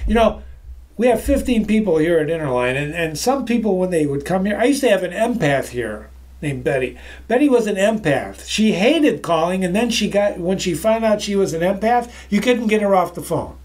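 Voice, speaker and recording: Animated, high-pitched man giving a sales talk. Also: normal speed. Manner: emphatic, animated, repeats phrases, addresses the audience as ladies and gentlemen; moves around while talking. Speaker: sales trainer presenting to an online audience. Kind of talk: energetic motivational presentation. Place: his office.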